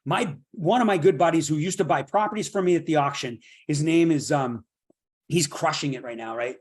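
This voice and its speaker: A middle-aged man with a fairly high voice runs a motivational real estate workshop. He talks with steady energy and keeps asking "right?" to pull the room along. He drives his points home by stacking the same phrase over and over. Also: fairly quick, husky. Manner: energetic, repeats "right?" to draw in listeners; builds points through long repeated phrases.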